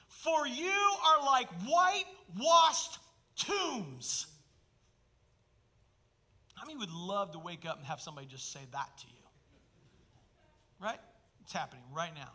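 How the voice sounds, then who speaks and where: A man preaching a sermon as lead pastor, swinging between emphatic loud bursts and hushed asides. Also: fairly high pitch.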